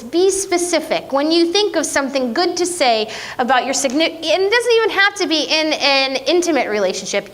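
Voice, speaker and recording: A woman preaching a conversational sermon, playful and self-mocking, with lively jokes. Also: high-pitched.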